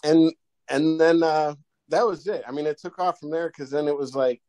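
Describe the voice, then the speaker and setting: A man guest on a podcast, telling goofy stories in a rambling, animated way with many restarts. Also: on the high side, moderate pace. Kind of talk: casual storytelling.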